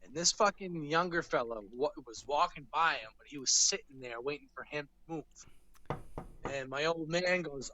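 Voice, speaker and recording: A man's voice: fairly high pitch, normal speed, bright, forceful tone, slight background noise, poor audio. Swearing man telling a rambling story. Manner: rambling storyteller, heavy swearing, acts out quotes. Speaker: podcast co-host. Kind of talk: casual podcast chat.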